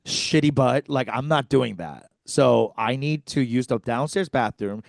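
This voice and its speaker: Animated, profane man telling a story. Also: medium pitch, a little slow, creaky, no room sound, studio quality. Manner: animated, profane, acts out quotes. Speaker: podcast co-host, comedian. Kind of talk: storytelling comedy chat.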